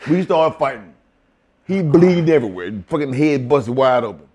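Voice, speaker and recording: Middle-aged male interview guest, high-ish lively voice, profane storyteller. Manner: profane, animated storytelling with acted quotes. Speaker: interview guest, former wrestler.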